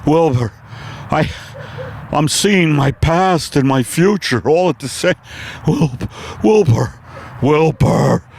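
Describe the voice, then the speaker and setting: A man voicing a stoned, panicky male talking horse in a comedy bit, with loud, drawn-out, dazed pleading. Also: a little high, lively intonation, slight background noise, voice pushed up.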